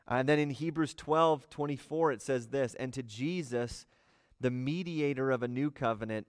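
A man's voice: medium pitch, smooth, no room sound, in a large hall. A man teaching a livestreamed Bible study, explaining verses and often asking rhetorical questions.

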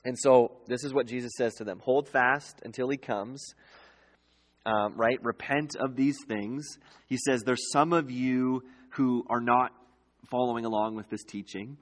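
A man's voice: medium pitch, fairly even intonation, measured pace. A man teaching a sermon in a conversational way, often adding "um" and "right?" as he goes. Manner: conversational, frequent "um" and "right?" tags. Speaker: pastor. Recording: long hall reverb.

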